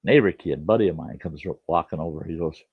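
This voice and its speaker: Brief: folksy storyteller in his sixties, low and animated, dry lo-fi sound. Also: quick pace, slightly rough, no echo. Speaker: storyteller host. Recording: dull lo-fi dry recording.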